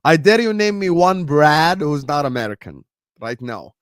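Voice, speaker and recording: A man's voice: fairly high pitch, big pitch swings, normal speed, clear, resonant tone, no echo, studio quality. A man whose first language is Arabic, hosting a football watchalong stream and bantering casually with his chat in a joking manner.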